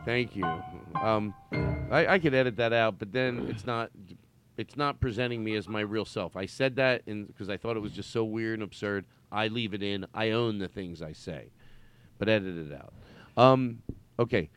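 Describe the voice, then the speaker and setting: A man's voice: fairly low pitch, moderate pace, a bit bright, soft background music. A man hosting a podcast in casual comedic chat, playful and rambling as he teases his guest. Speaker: podcast host.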